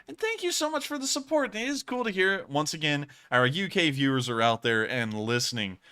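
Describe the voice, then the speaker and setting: A man's voice: a little high, very animated, fairly quick, pushed and bright, clear, resonant tone. A man hosting a live stream, answering viewer questions in a chatty, rambling way and often correcting himself. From United States. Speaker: host.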